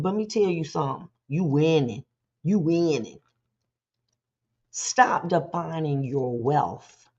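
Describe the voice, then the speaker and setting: A woman hosting a motivational talk show, preaching in an animated, conversational way and slipping into quick voices to act things out. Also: lowish voice, slightly rough, lo-fi sound.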